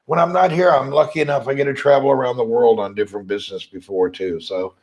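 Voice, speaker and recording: Southern American man host, slightly hoarse, easygoing livestream chat, mid-range voice. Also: medium pitch, steady tone, fast. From Tennessee, USA. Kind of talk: casual live chat reading comments.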